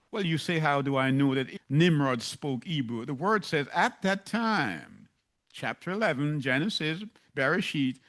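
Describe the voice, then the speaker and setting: Male preacher, slightly high voice, slow emphatic delivery, scripture reading and rhetorical questions. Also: a bit bright. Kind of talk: sermon.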